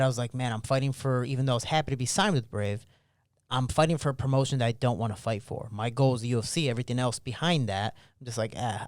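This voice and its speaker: Smooth-voiced man telling stories casually. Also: mid-range voice, no room sound, studio quality. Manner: animated, acts out remembered dialogue; casual, slangy. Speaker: podcast guest, pro fighter. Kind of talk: storytelling in a podcast interview.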